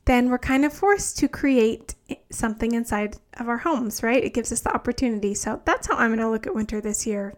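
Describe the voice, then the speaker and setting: Upbeat woman coach doing her podcast solo, a bit high-pitched, chatty w lots of "like". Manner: chatty and enthusiastic, frequent "like" fillers.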